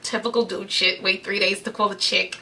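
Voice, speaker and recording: A woman telling a casual, animated, slangy story to her camera. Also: medium pitch, normal speed, vocal fry. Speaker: vlogger.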